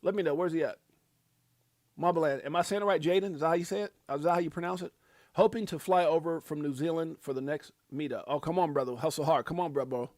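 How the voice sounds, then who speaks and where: A man hosting a casual livestream, hyped and preachy, shouting out viewers by name. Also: on the high side, fast, dry recording, studio quality. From United States. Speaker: livestream host.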